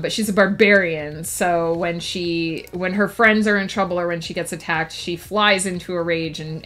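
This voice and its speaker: A woman's voice: fairly low pitch, fairly bright tone. A woman streamer chatting casually to her viewers, laughing often and talking with many fillers. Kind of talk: casual live-stream chat.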